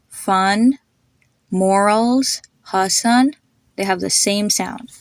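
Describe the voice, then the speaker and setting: Woman podcast host, mid-pitched, patient teacherly delivery, dry close sound. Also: gravelly, no echo. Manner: patient, spells out names and slows down to demonstrate sounds. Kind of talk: instructive podcast explainer.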